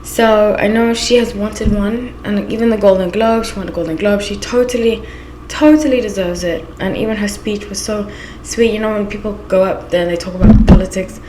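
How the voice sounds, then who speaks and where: A woman's voice: medium pitch, a little fast, warm tone, roomy sound, slight background noise. A woman from Southern Africa with a Zimbabwean accent, chatting casually as a channel host and telling anecdotes with lots of asides. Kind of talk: casual chat.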